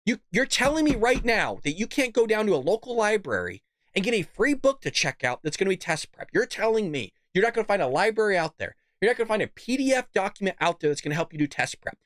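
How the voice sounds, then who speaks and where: A man's voice: high-pitched, sing-song, fast, fairly bright tone, dry recording, clean studio sound. A man hosting a political commentary show, ranting bluntly and cussing. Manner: blunt, fired-up, cusses. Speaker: host.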